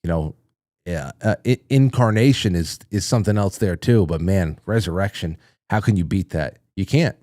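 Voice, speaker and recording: A man hosts a casual livestream, reading viewer messages aloud and rambling through his thoughts with fillers and restarts. His low, warm voice is animated and moderately paced. The recording is dry and of studio quality.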